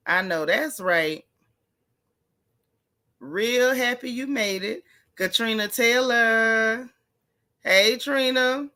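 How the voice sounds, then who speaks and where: A woman's voice: fairly high pitch, extremely slow, pauses often, sharp tone. A middle-aged woman hosting a casual livestream, chatting and greeting viewers by name with easygoing slang. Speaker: livestream host.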